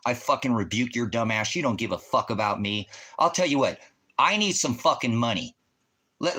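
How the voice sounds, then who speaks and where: A man's voice: mid-range voice, bright, forceful tone. A man hosting a livestream, hurling profane, confrontational accusations at a viewer in the chat. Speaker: livestream host, veteran.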